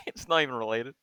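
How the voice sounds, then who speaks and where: A man's voice: mid-range voice, pushed and bright, smooth, no echo. A man with an Australian accent co-hosting a podcast, wry and chuckling. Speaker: podcast co-host. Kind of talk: casual podcast chat.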